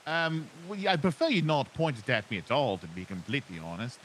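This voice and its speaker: A man's voice: medium pitch, a little fast, fairly bright tone, slight background noise. A man speaking in character in a roleplay, polite and hesitant, often stammering and restarting. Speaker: roleplay player as an instructor character.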